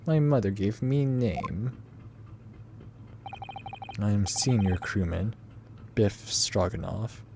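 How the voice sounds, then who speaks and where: A man voicing a blunt, proud male sailor guard in a put-on Russian accent, speaking broken English slowly and curtly. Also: lowish voice, animated, gravelly, noisy background, exaggerated voice. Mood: gruff. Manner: broken English, slow and curt.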